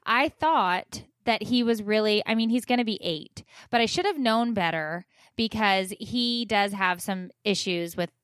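A mother in her thirties co-hosting a casual chat and telling an animated story, acting out the dialogue. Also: mid-range voice, measured pace, hardly any pauses, clear, resonant tone, dry recording, clean studio sound. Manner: animated storyteller, acts out quotes loudly. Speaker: co-host.

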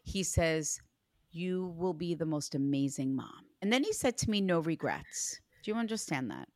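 A psychic medium gives a client a reading in an earnest, reassuring manner, growing animated when she retells things. Her voice is low-pitched at normal speed, with no echo.

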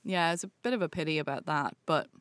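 A woman's voice: deep voice, quick pace, a bit bright, no echo. A woman co-hosting a casual film podcast, enthusiastic and gushing, laughing often. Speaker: podcast co-host.

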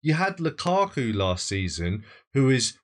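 A man's voice: medium pitch, big pitch swings, measured pace. A man hosting a football podcast, chatting casually in a jokey, self-mocking way. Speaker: podcast host. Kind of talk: casual chat.

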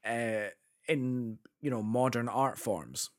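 A man's voice: mid-range voice, slow pace. A young man from England chats about theatre on a podcast. He talks eagerly and trips over his words as he goes, with a mid-range voice. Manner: enthusiastic, chatty, self-interrupting. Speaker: podcast co-host. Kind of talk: casual chat about a musical.

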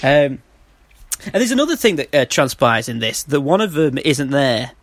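A man's voice: mid-range voice, sing-song, normal speed, dry recording. A man from Manchester, co-hosting a casual film review podcast and laughing often as he retells scenes. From Manchester, England. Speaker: podcast co-host.

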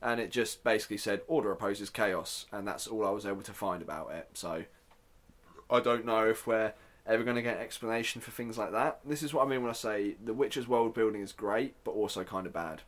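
A man's voice: fairly low pitch, fairly quick. A man hosting a casual solo podcast, chatty and self-deprecating, with joking asides. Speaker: podcast host.

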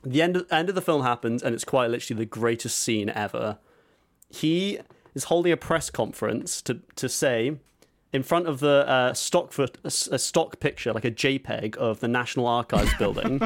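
A man's voice: mid-range voice, animated, measured pace. A man hosting a podcast, retelling a film in casual chat, rambling and laughing as he goes. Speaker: podcast host.

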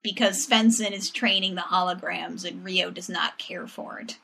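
A woman co-hosting a podcast, recapping a cartoon episode with animated, sarcastic commentary. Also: lowish voice, moderate pace, creaky, slightly rough. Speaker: podcast co-host. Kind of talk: casual recap chat.

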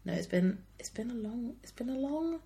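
A woman's voice: on the high side, expressive, normal speed, gravelly, dark tone. A woman, co-hosting a podcast in casual, self-deprecating chat. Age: 20s. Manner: chatty, self-deprecating, laughs often. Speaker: podcast co-host.

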